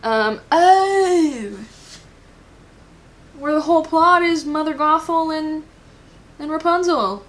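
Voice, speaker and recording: A woman's voice: high voice, slow pace, long pauses, a bit bright. Rambling tarot reader, a woman. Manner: rambling, filler-heavy, thinking aloud. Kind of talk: casual pick-a-card tarot reading.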